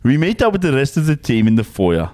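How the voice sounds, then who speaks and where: A man's voice: mid-range voice, sing-song, a little fast, darkish tone, voice pushed up, lightly acted. A man putting on an Afrikaans South African accent to voice a rowdy young rugby tourist, boisterously reading a listener's letter aloud for laughs. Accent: Afrikaans South African, put on. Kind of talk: comedic read-out in a put-on accent.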